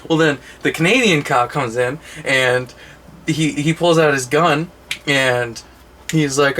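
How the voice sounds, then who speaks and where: A man's voice: on the high side, quick pace, fairly bright tone, a little hiss or hum, poor audio. A man co-hosting a casual movie collection chat, telling long rambling stories and laughing at his own jokes. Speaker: co-host of a movie collection show.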